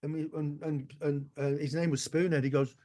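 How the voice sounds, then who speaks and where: A man in his sixties, a musician guest telling stories in an interview, animated and swearing casually. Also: on the high side, brisk. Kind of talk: anecdotal interview storytelling.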